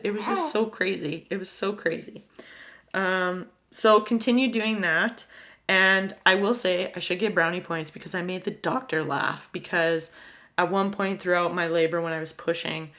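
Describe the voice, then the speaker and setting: A woman's voice: mid-range voice, normal speed, a bit bright. A young woman telling a personal story to her viewers in a casual, candid way, with lots of "like" fillers. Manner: chatty and candid, many "like" fillers. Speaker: vlogger.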